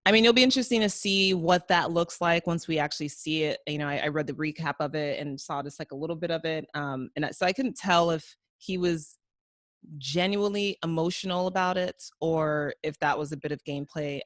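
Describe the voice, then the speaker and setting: Low-voiced woman chatting casually. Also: fairly quick, no echo. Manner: chatty, many fillers and hedges. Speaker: podcast co-host. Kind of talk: casual chat.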